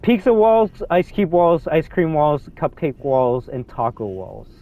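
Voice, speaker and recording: A young man giving excitable, rambling commentary over a game, swinging between low mutters and loud outbursts. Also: measured pace, narrow, tinny audio. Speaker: gaming youtuber. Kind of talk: ranting gameplay commentary.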